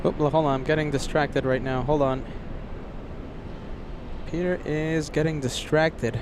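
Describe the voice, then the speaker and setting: A man's voice: fairly high pitch, steady tone, measured pace, noisy background. A man hosting a live plane spotting stream outdoors, chatting casually with viewers by name, sleepy and jet-lagged. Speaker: plane spotting livestream host. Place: outdoors near an airport.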